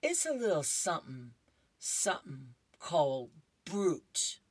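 A woman voicing a boastful young boy from a comic strip, drawling his lines slowly. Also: low voice, sing-song, slightly rough, dry recording, heavily acted.

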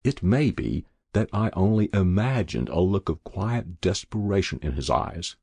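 A man's voice: low voice, sing-song, measured pace, creaky, warm tone, slightly rough, no echo. A man reading a first-person story aloud in a wry, dry storytelling manner. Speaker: narrator. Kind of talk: audiobook narration.

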